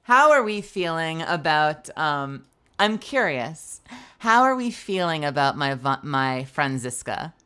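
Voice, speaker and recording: A tired woman streamer chatting loosely with her viewers. Her voice is low-pitched for a woman but bright and forceful, and she rambles with frequent giggles and restarts. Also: big pitch swings, measured pace, clean tone. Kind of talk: casual chat with viewers.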